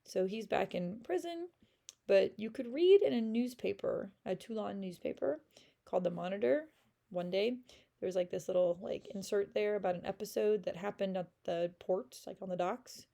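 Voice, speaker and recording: A woman's voice: mid-range voice, moderate pace, gravelly, dark tone. A woman teaching in a casual, chatty way, reading a French novel aloud and explaining it with lots of fillers.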